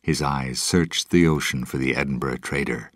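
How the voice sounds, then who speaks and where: A man reading a storybook chapter aloud in a measured, deliberate way. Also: extremely low pitch, a bit bright, no room sound, studio quality. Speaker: narrator.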